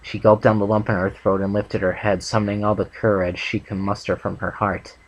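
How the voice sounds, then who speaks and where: A man's voice: on the low side, level tone, brisk, highs cut off. A man reading a fanfic aloud for his channel in a plain way, with a few stumbles and restarts. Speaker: channel host and fanfic reader.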